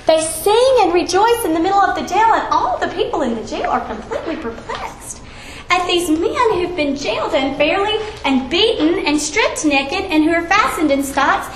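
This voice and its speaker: Woman, high voice, lively Bible-study teacher, echoey church room, faint noise. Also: moderate pace. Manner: animated storytelling, acts out quoted voices. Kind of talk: Bible lesson and closing prayer.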